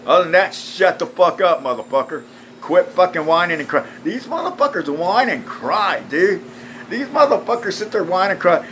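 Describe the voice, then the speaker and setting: A man's voice: high voice, sing-song, normal speed, fairly bright tone, a little hiss or hum, rough recording. A man delivering a blunt, foul-mouthed, scornful rant straight to camera. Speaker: video ranter. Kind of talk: angry profane rant.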